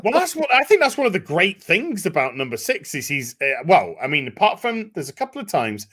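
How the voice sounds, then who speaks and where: A man hosting a casual discussion, animated, acting out quotes. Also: high voice, brisk. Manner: animated, acts out quotes in voices. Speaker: podcast host.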